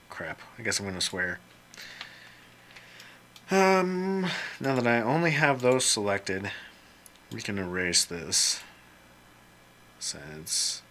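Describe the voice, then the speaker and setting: Slow-talking man joking to himself while drawing. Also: on the low side, sharp tone, slight background noise. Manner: rambling, jokey self-talk with mild swearing. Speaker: illustrator drawing on screen. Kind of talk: casual commentary while drawing.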